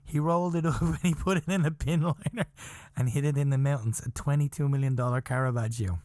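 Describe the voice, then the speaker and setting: A man hosting a podcast, telling a story in a casual, animated way, chuckling often, swearing, and insisting that it is true. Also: medium pitch, fast, no echo, studio quality. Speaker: podcast host.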